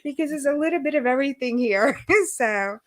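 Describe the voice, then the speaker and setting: A woman's voice: high-pitched, fairly quick. A middle-aged woman from New York with a New York accent, hosting a casual chat over a video call and laughing often. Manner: chatty and animated, laughs often. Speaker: host.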